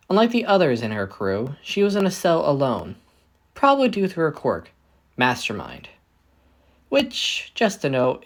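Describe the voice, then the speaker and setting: A man casually improvising a fan fiction story, often correcting himself as he goes. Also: mid-range voice. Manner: rambling, self-correcting. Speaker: fanfic storyteller.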